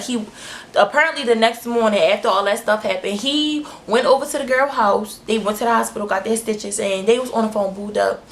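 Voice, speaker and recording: A young woman vlogger telling a story in a blunt, frank way, full of slang and swearing. She talks at an ordinary middle pitch and acts out the people in the story with lively voices. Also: a little hiss or hum. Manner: animated, acting out the other people in the story. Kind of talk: storytime vlog.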